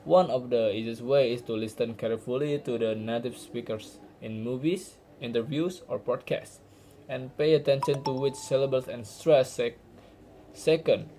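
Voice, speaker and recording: A man's voice: medium pitch, dark tone, slight background noise, rough recording. A young man, a university student from Indonesia, giving an earnest class presentation with small restarts. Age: young adult.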